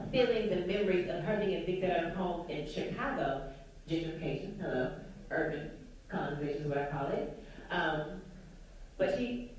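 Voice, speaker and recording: A woman from the United States gives an earnest, emphatic panel talk in a university lecture room, throwing rhetorical questions at her listeners. Her lowish voice is a little mellow, with a Southern American accent she adopts only at moments. The distant recording captures a roomy hall and faint background noise.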